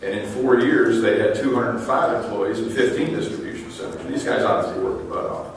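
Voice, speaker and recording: A middle-aged man delivers a teasing banquet roast in a plain, mid-pitched voice, building anecdotes toward dry punchlines. He sounds distant from the microphone, and his words ring through a cavernous, echoing hall over a faint murmur of the room. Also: a little fast, a little hiss or hum. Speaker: roast speaker at an awards dinner. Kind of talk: roast speech to a banquet audience.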